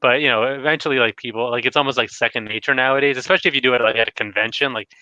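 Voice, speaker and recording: Man, casual stream chat, rambly and filler-heavy; bright voice, dry muffled call audio. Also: mid-range voice, fairly even intonation, very fast, no echo. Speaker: retro collecting YouTuber.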